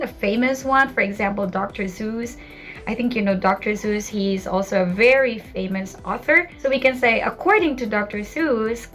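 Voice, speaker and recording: A woman's voice: on the high side, fairly bright tone. Patient woman teaching English. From Philippines. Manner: patient, explaining with spoken examples. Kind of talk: online English lesson.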